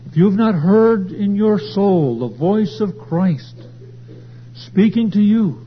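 A man preaching a sermon at a church service, swelling louder and higher as he drives his points home. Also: lively intonation, slow pace. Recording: dull lo-fi recording with faint hum.

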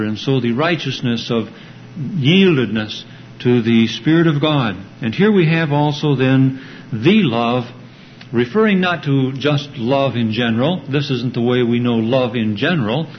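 A man teaching a verse-by-verse Bible study lecture, explaining carefully and stressing key words. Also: mid-range voice. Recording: dull lo-fi recording with faint hum.

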